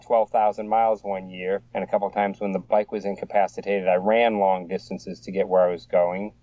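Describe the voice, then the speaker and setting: A man's voice: lowish voice, dry recording. A man in his sixties with a Boston accent, telling rambling, self-deprecating stories as an interview guest. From Boston area. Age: 60s. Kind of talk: casual anecdotal storytelling. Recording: dull, slightly distant, dry mic.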